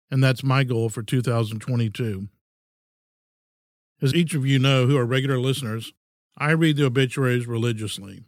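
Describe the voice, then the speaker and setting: A man in his sixties hosting a podcast, giving an earnest, measured, folksy reflective monologue. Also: medium pitch, dry recording, studio quality. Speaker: podcast host.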